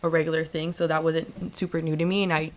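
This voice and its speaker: A woman's voice: low-pitched, quick pace, a little hiss or hum. Young woman telling a story casually. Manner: animated, lots of "like" fillers, acts out quoted voices. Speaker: podcast co-host.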